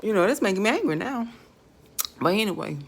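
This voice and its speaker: A woman vlogger delivering a rambling, profane monologue that swings between quiet muttering and angry shouting. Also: medium pitch, lively intonation, a little fast, gravelly, slight background noise.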